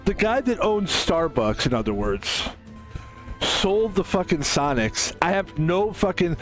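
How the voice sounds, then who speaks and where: A man streaming a game who talks casually to his audience. He rambles, swears often and drifts into jokey asides. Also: a little high. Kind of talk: casual solo stream monologue.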